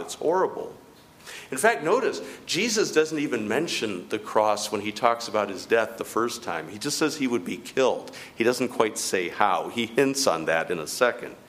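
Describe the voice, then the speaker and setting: Man, preacher, sermon, emphatic, rhetorical, lively intonation. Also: lowish voice, slight background noise. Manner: emphatic, rhetorical, repeats words for stress.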